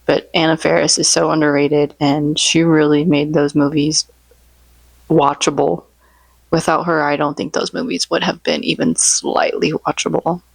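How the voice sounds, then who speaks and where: Low-voiced chatty woman vlogger. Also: creaky, no echo. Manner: rambling, chatty, jokes about her own impressions. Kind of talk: casual chat.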